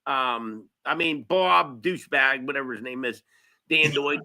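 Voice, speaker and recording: A man's voice: mid-range voice, unhurried, pushed and bright. A man chatting as a podcast guest, telling rambling, profane local stories. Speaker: guest, local news video maker. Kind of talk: casual podcast chat.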